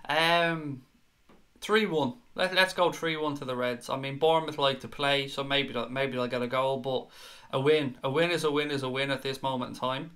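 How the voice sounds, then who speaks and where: Irish male stream host, bright tense tone, earnest and chatty, stumbles into repeats, mid-pitched. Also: fairly even intonation, normal speed. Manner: chatty, earnest, repeats words when worked up. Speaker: fan show host. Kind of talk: live-stream chat reading viewer comments.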